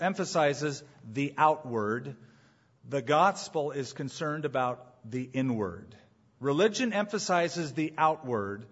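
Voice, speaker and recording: A man's voice: a little high, husky. A man preaching a sermon as pastor, emphatic, repeating his main points and asking rhetorical questions, on a dull lo-fi recording.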